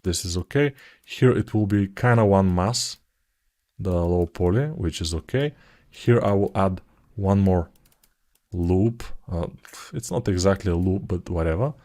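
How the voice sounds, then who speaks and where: Guy in his 40s doing a chill live modeling tutorial, lowish voice, mumbles when focusing, cracks little jokes. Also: a little slow. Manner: low-key, murmurs quietly while concentrating, joking asides.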